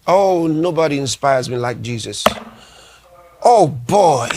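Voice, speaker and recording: A man preaching as a pastor, with a fairly high voice that rises on emphatic lines. He speaks slowly and deliberately, repeating key phrases. He reads scripture aloud in a measured cadence. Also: animated, darkish tone. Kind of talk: sermon.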